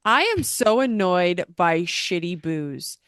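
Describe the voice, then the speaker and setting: A woman's voice: fairly low pitch, animated, slow, fairly bright tone, clear, resonant tone, no echo, clean studio sound. A woman co-hosting a racing podcast, ranting bluntly in a casual chat. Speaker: podcast co-host.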